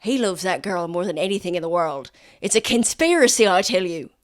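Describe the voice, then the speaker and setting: Lady putting on a loud pushy irish stranger, emphatic, a bit higher. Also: lively intonation, fairly quick, close to an everyday voice. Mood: insistent. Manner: emphatic, insistent. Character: excitable stranger insisting on a conspiracy.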